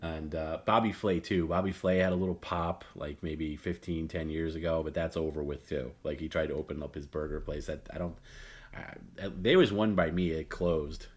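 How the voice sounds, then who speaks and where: Low-voiced blunt rambling man. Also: steady tone, normal speed. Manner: rambling, opinionated, blunt with many fillers and restarts. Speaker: host. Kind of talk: late-night solo talk stream.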